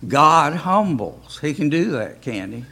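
A man runs an informal Bible study in a church, his voice on the high side with a sharp tone. He is very animated but speaks a little slowly, using a folksy manner and many rhetorical questions.

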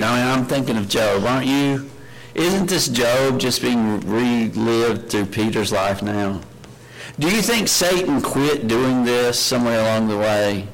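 A man's voice: mid-range voice, expressive, unhurried, poor audio. A man preaching a sermon, earnest, asking his listeners questions and reading scripture aloud with rising emphasis. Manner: earnest, asks the congregation many questions.

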